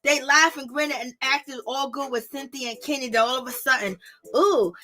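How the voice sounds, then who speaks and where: A woman's voice: high voice, fairly quick. A young woman vlogger ranting casually and exasperatedly to her viewers, using lots of slang. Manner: exasperated, animated, slangy, talks to viewers directly. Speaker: vlogger reviewing reality TV.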